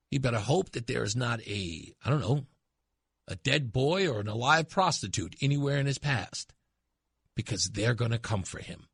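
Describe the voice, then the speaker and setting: A man hosting a talk radio show, giving emphatic, impassioned commentary that swings from loud to hushed. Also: medium pitch, breathy edge, no echo, clean studio sound.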